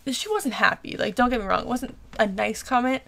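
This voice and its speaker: Young woman with a gravelly, fry-heavy voice. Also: fairly high pitch, brisk. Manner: chatty, animated, filler-heavy with frequent "like". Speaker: reaction video host. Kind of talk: casual episode recap and review.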